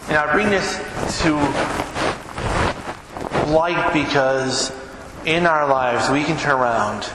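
A man's voice: on the high side, slow, pauses often. Man preaching in a reverberant hall. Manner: storytelling with acted-out quotes. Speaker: pastor. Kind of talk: sermon. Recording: echoey hall with ambient noise.

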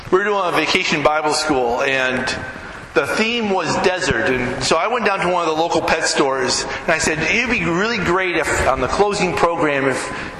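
A man preaching in a church, his voice a little high and bouncing off the walls of a big echoey hall. He tells stories with plenty of energy, acts out the lines of the people in them, and turns to the audience with questions. Room noise hums behind him. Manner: animated, talks with the audience, acts out quotes. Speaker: pastor. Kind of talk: sermon with storytelling.

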